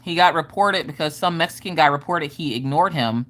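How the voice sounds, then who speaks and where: A woman hosting a casual livestream, telling animated stories from home, swearing casually and laughing often. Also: deep voice, fairly quick. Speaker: livestream host. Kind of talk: casual chat storytelling.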